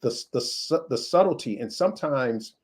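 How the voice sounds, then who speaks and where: A middle-aged man hosting an interview, telling stories with lively restarts and self-corrections. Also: mid-range voice, moderate pace. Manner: animated storyteller, self-correcting. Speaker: interview host. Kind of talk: interview conversation.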